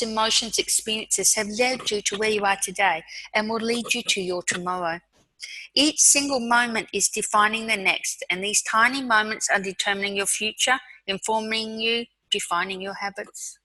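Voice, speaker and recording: A woman with an Australian accent giving a webinar talk on mindfulness, guiding listeners through an exercise in a calm, slow way with soft pauses. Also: mid-range voice, no room sound, rough recording. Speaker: mindfulness speaker.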